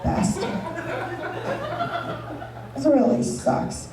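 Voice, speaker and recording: Brash woman stand-up, high and slow, bawdy crowd work; live echoey venue, mic at a distance. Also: animated. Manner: bawdy, brash, chatty with the audience. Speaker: stand-up comedian. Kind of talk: stand-up comedy set. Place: resort event room, live show. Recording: echoey venue from far off, with audience.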